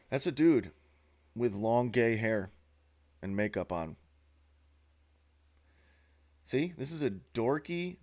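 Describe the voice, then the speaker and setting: A man's voice: lowish voice, darkish tone. A man giving a sneering, profane monologue while narrating a slideshow as a video host.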